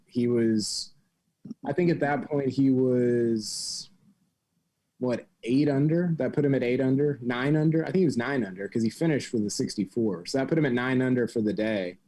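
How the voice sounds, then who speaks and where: A man's voice: mid-range voice, warm tone. A man co-hosting a golf podcast, talking in a rambling, hesitant way with many fillers. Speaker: podcast co-host. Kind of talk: casual podcast chat.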